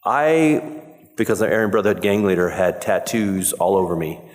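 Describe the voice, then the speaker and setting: A man's voice: deep voice, normal speed. A man on a convention panel, telling a rambling story with many fillers. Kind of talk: casual anecdote telling. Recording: echoey convention hall.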